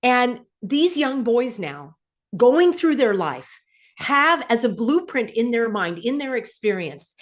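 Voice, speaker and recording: A woman's voice: big pitch swings, slow. Indignant middle-aged woman ranting on a vlog. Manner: indignant, sarcastic, wide swings between loud outbursts and low asides. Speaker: channel host. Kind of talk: animated opinion vlog.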